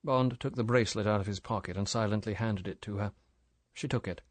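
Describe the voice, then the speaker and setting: Narrating from a script, a man voices an audiobook at a calm, even storytelling pace. His pitch runs on the low side, with no echo.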